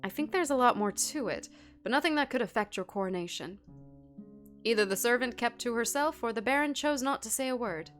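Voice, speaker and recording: Woman voicing a polite male spymaster, formal measured delivery, game dialogue, faint music behind. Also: a little high, expressive, lightly acted. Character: courteous male royal spymaster.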